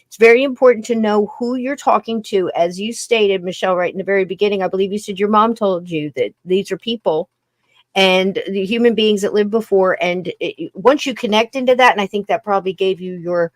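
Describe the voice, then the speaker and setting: A woman's voice: medium pitch, brisk, dry recording. A woman hosting a podcast in casual conversation, chatty and rambling, often tripping over her words. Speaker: podcast host.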